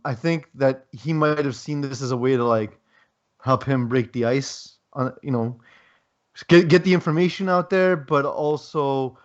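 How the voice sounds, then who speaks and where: A man co-hosting a casual sports podcast, rambling through his thoughts with plenty of ums and wry little asides. His voice sits at an ordinary middle pitch. The audio is a bit dull and lo-fi. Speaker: podcast co-host. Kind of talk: casual chat.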